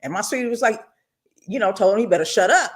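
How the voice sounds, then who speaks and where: A fast-talking middle-aged woman with a medium-pitched voice hosts a radio talk show. Her storytelling is casual and expressive, peppered with asides to the audience.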